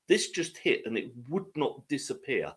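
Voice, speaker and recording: Bloke cohosting, pitch jumps around loads, honest and a bit stammery. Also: male voice, very animated, moderate pace, husky. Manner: candid, stammering restarts. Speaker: podcast co-host. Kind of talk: casual chat.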